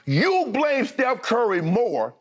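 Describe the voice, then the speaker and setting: A middle-aged man co-hosting a heated sports debate, arguing forcefully and cutting in again and again. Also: very high-pitched, huge pitch swings, slow pace. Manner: forceful, interrupts repeatedly, emphatic.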